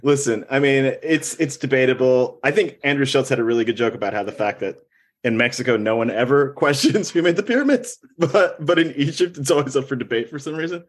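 A man's voice: mid-range voice, a little fast. A man, a comedian guest, riffing in a casual podcast chat and laughing often.

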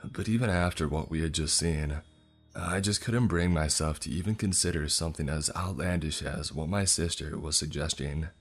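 A man reading a scripted horror story in a tense, measured way. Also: a bass voice. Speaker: narrator. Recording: faint music underneath.

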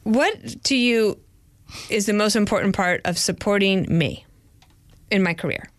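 A woman's voice: mid-range voice, unhurried, no echo. A middle-aged woman hosting a podcast, chatting casually and teasing her husband as she asks him questions. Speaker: podcast host. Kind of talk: casual chat.

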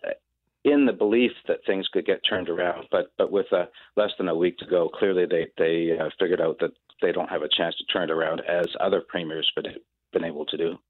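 A man who is a political scientist gives commentary in a radio interview, halting and full of fillers and repeated words. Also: deep voice, fairly even intonation, no room sound. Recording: phone line.

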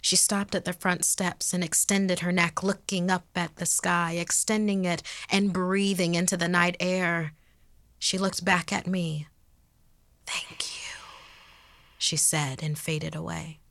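A woman host reading a ghost story aloud in a measured way, dropping to a whisper at eerie moments. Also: lowish voice, level tone, gravelly, fairly bright tone, dry recording.

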